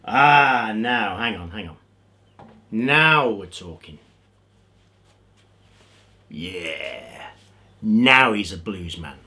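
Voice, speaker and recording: Slow, playful man. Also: on the low side, animated. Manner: playful, coaxing, talks straight to children. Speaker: children's music entertainer. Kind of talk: singalong lesson for kids at home. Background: loud guitar music.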